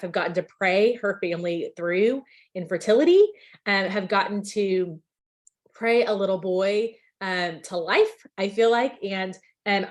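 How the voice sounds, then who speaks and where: A woman hosting a video call, chatty and enthusiastic, with lots of filler words. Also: mid-range voice. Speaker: meeting host.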